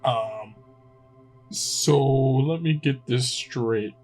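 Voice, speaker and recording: A man's voice: mid-range voice, extremely slow, a little mellow, faint music behind. Hesitant man playing a tabletop game. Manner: hesitant, full of ums. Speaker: player.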